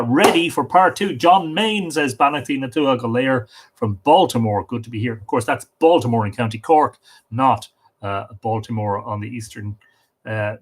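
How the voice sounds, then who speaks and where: A middle-aged Irish man hosting a livestream, casually reading out viewers' comments and greeting each one by name, with small slips and restarts. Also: medium pitch.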